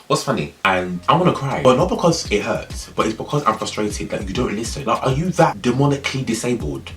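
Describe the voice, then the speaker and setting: A young man telling a story in a casual, animated way, repeating phrases for emphasis. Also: mid-range voice, brisk, soft background music.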